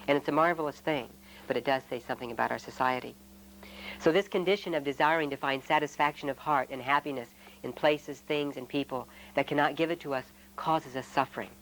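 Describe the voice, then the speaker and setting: Male friar, retreat talk, reflective and measured, mid pitch, faint hiss. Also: vocal fry, rough recording. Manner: measured and reflective, with gentle humor.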